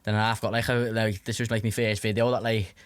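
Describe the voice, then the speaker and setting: A man's voice: on the low side, level tone, brisk, no room sound. A young man with a Liverpool Scouse accent, casually telling stories as a podcast guest, rambling with lots of filler and swearing. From Liverpool, England. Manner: rambling, heavy fillers and restarts, swears freely. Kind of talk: casual storytelling.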